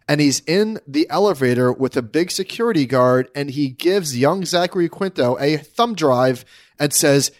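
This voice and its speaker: A man's voice: on the high side, lively intonation, normal speed, no echo, studio quality. A man co-hosting a podcast, talking casually and conversationally with a nitpicking streak. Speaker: podcast co-host.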